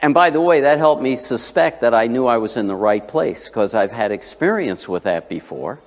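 Man, pastor, sermon, folksy storytelling, emphatic, mid-pitched, long hall reverb. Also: expressive, moderate pace, a little mellow. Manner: storytelling, folksy asides, rising to emphatic preaching. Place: church sanctuary.

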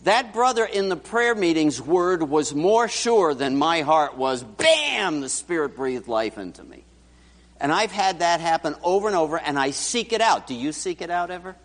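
Animated male preacher in a reverberant hall. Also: on the high side, normal speed. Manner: animated, talks directly to the congregation. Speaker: pastor. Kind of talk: sermon.

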